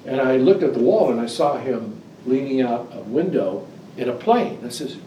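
Animated male preacher in an echoey church. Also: moderate pace, a little hiss or hum. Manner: animated storyteller, rising to high emphatic pitch on scripture. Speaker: pastor. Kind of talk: sermon with scripture reading and anecdotes. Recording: echoey room, distant mic, faint ambience.

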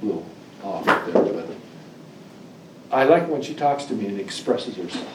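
Animated male preacher in an echoey church. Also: unhurried, noisy background. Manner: animated storyteller, rising to high emphatic pitch on scripture. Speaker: pastor. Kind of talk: sermon with scripture reading and anecdotes. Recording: echoey room, distant mic, faint ambience.

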